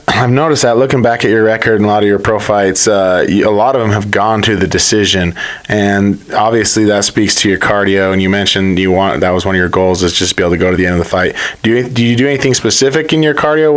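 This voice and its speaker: A man hosting an interview podcast, asking friendly, encouraging questions with some halting restarts. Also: on the low side, steady tone. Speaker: podcast host. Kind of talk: casual interview.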